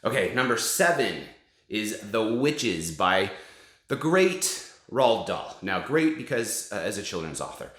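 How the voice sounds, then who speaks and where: A man's voice: lowish voice, sing-song, unhurried, a bit bright, roomy sound. A man in his forties, a father, eagerly recommending children's books to camera. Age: 40s. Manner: enthusiastic, encouraging. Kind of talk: casual book recommendations to camera.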